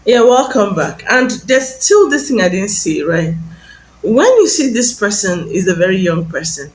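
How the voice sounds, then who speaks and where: A woman's voice: mid-range voice, sing-song, normal speed, low-quality recording. Emphatic woman giving warnings, faint noise. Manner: warning, emphatic, repeats phrases. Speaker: social media commentator. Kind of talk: casual advice monologue.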